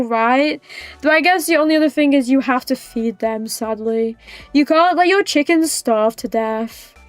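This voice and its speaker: Her voice is high-pitched and dry of any room sound as she, a young Brit, casually chats with people watching her stream, joking around and laughing often.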